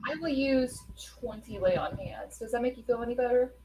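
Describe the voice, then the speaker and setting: A woman's voice: a little high, a little fast, warm tone, low-quality recording. A woman playing a tabletop game in casual chat, hesitant and full of fillers. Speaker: player. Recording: faint background hum.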